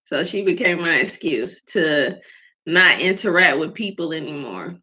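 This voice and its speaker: A woman's voice: low voice, expressive, a little slow, bright, forceful tone. A woman hosting a podcast about faith, talking candidly in a casual way, with many fillers and frequent laughs. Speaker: podcast host. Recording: dull lo-fi recording.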